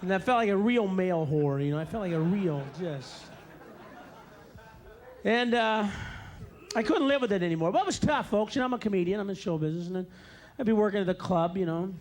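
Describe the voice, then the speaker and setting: A man's voice: high voice, a little fast, a little mellow, a faint crowd, a little hiss or hum. A male stand-up comedian performing a ranting routine on stage, breaking into raw screams. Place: comedy stage before a live audience.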